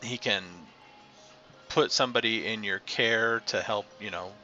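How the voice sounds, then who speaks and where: A man runs a tabletop game as game master. He narrates loosely and hesitantly, often pausing on fillers, and his voice is very bright and sharp. The sound is dull and lo-fi. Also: fairly low pitch, fairly even intonation, soft background music.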